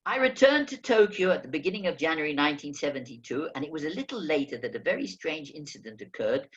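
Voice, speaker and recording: A man narrating a first-person memoir as an audiobook reader, telling the story in a lively way. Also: on the high side, highs cut off. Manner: lively storytelling, acting out quoted speech.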